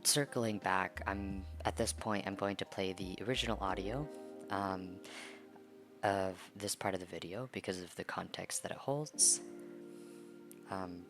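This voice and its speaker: Very low, gravelly voice rambling over music. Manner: hesitant, many fillers and restarts. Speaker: fan commentator. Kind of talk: casual rambling commentary while drawing. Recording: music playing behind the voice.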